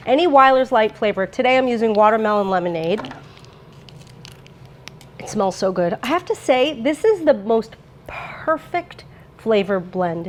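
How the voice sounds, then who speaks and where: A bubbly woman chats through a cooking demo in her kitchen, full of fillers and asides. Her voice sits fairly high, with a faint hiss in the background. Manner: chatty and bubbly, lots of fillers. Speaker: brand presenter. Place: home kitchen.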